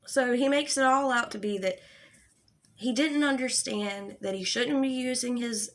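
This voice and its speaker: A young adult woman giving an angry, profane commentary rant, exasperated and sarcastic. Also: a little high. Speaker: commentary YouTuber.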